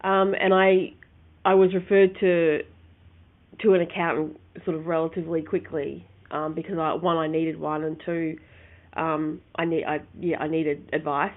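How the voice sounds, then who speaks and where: A woman, co-hosting a casual chat and telling her stories in an animated way, often restarting her sentences. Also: low voice, moderate pace. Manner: animated storytelling with many restarts. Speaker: co-host. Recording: phone-like narrow sound.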